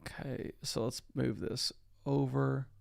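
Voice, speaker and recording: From his desk at home, a young man live-streams a fantasy football draft in a slow, creaky, mid-range voice with little pitch movement. He's chatty throughout and reads viewer comments aloud.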